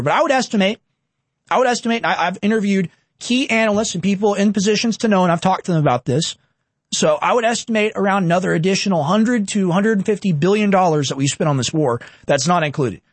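In a dry, close-miked recording free of room sound, a man in his 20s rants with heat and sarcasm about politics. For a man, his voice pitches high.

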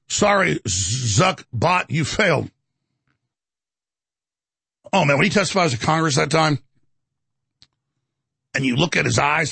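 Male talk host, gravelly and husky, fairly high, rambling rant, dry studio sound. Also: no room sound. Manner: rambling, animated, indignant. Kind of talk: ranting monologue.

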